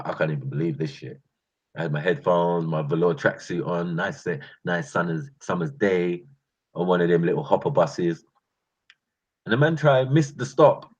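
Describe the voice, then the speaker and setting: A man telling boastful street stories in a casual, slangy, animated vlog. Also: medium pitch, slightly rough. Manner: animated, slangy, boastful, breaks into laughs and sound effects. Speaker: channel host. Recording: muffled lo-fi sound.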